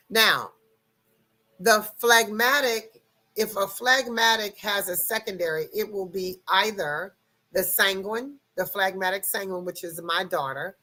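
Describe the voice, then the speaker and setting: A woman's voice: medium pitch, unhurried, sharp tone. A middle-aged woman giving a casual explanatory talk on personality types, emphatic and always at full energy. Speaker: personality-type presenter.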